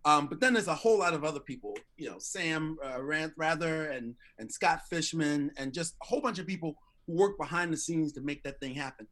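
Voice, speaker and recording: A middle-aged man telling a story in an interview, lively and acting out the voices of the people he quotes. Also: a little high, fairly quick, hardly any pauses. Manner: animated, acts out quoted voices. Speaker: interview guest. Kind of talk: casual storytelling.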